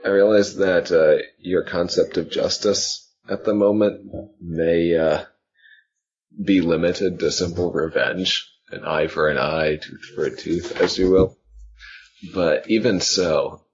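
A man with a very deep voice speaks in a slow, halting, formal diplomatic way during a tabletop game. His sound comes over a dull, lo-fi recording. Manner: halting, formal, many uh fillers. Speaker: game master.

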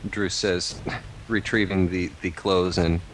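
A man playing a tabletop game, talking in a halting way with fillers. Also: low voice, fairly even intonation, a little hiss or hum. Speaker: player. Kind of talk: casual tabletop game play.

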